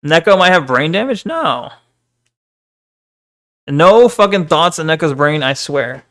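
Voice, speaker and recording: A man's voice: fairly high pitch, animated, a little slow, fairly bright tone. A young man streaming, casually chatting with his viewers in a jokey, self-deprecating way, swearing and laughing often. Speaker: VTuber streamer. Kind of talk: casual chat reading stream chat.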